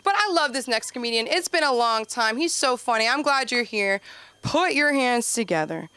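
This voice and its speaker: A woman's voice: a little high, expressive, normal speed, bright, forceful tone, smooth, no echo. A woman hosting an open mic, bubbly as she hypes the crowd and introduces the next comedian. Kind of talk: stage introduction. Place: comedy club stage.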